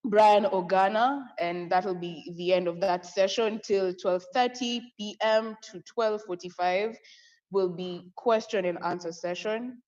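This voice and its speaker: A young woman with a Kenyan accent co-hosting a live online conference, effusive and excitable, often breaking into laughter. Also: medium pitch, a little slow. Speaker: conference co-host. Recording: echoey, dull lo-fi audio.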